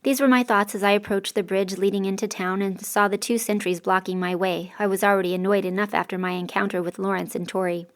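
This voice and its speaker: A woman's voice: medium pitch, level tone, fast talker, few pauses. Woman narrating a first-person audiobook.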